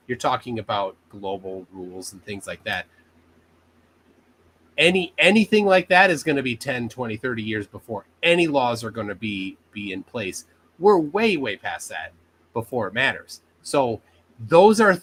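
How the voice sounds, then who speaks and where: Lively-pitched man on a noisy call. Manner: matter-of-fact, dry joking. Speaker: debate panelist. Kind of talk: casual online debate. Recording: faint background noise on a call.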